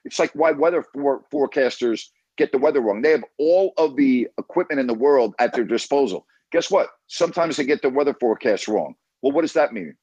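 A man's voice: medium pitch, expressive, a little fast, hardly any pauses, a little mellow, slightly rough, no echo, lo-fi sound. A man hosting a call-in sports radio show, blunt and emphatic, who keeps repeating himself to press his point.

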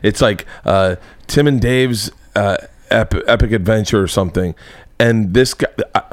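A man hosting a podcast interview, talking in an excitable, rambling way and slipping into playful voices. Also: fairly low pitch, normal speed, no room sound, studio quality. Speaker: podcast host. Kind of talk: casual interview chat.

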